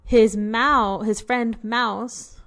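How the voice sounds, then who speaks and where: Slow, patient woman teaching vocabulary. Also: fairly high pitch, fairly even intonation, fairly bright tone. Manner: patient, explains words and asks questions. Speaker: teacher reading to children. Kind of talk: read-aloud lesson.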